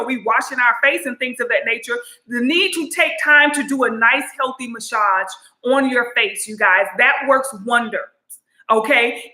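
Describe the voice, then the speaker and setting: A sassy, chatty woman talks straight to camera in a high, bright voice. She keeps calling viewers honey and you guys, and her voice rings around an echoey room. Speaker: beauty and lifestyle vlogger. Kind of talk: casual chat to camera.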